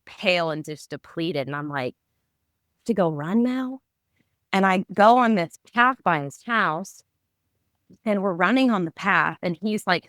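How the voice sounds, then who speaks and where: A woman's voice: fairly low pitch, fairly bright tone, clear, resonant tone, dry recording, studio quality. A woman in her thirties, a podcast guest, telling a personal story candidly and vividly, with lots of "like" fillers. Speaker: guest, psychic medium and artist.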